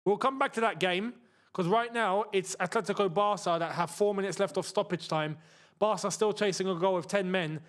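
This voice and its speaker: A young man hosting a live football watchalong, reacting loudly to goals and bantering with his chat. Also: sits high, moderate pace.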